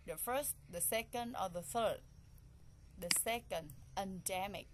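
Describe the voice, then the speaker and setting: A woman's voice: on the low side, slow pace, noisy background. A woman teaching English pronunciation, repeating each word and counting its syllables aloud in simple, non-native phrasing. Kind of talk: classroom pronunciation lesson.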